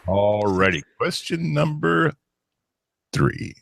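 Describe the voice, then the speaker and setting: A man co-hosting a casual podcast, reading out quiz questions in an animated way, swearing and laughing often. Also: a little high, slow pace, vocal fry, faint music behind, a faint crowd. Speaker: co-host running a quiz. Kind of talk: casual banter.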